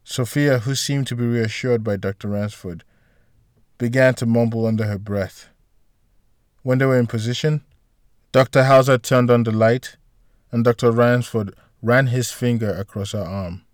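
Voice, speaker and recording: A man narrating a novel chapter in a steady storytelling voice. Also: medium pitch, normal speed, no echo, studio quality. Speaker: audiobook narrator. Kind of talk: scripted narration.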